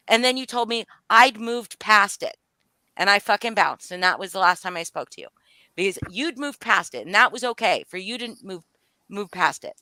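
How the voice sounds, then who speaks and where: A woman's voice: medium pitch, animated, moderate pace, pushed and bright, no room sound. A woman speaking out angrily on a live stream, swearing often, her voice rising and falling. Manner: angry, profane, voice rising and falling. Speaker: livestream guest speaking out. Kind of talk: emotional live-stream confrontation.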